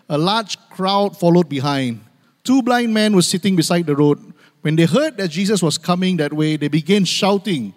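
A man preaching a sermon to his church, calling for amens and repeating key phrases for emphasis. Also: on the high side. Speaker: pastor. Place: church sanctuary. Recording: long hall reverb.

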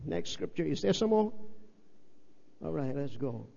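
A man preaches a sermon in a high, ringing voice, pressing his points with rhetorical questions and repeated phrases. The recording is muffled, with a long reverb trailing through the hall. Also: lively intonation, unhurried, creaky, dark tone. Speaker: pastor.

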